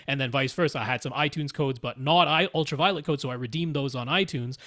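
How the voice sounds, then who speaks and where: A man from Canada with a fairly high voice, co-hosting a casual podcast. He walks through technical details at length and laughs now and then as he talks. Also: fairly quick, few pauses, a bit bright. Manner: explanatory, technical, laughs often. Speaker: podcast co-host.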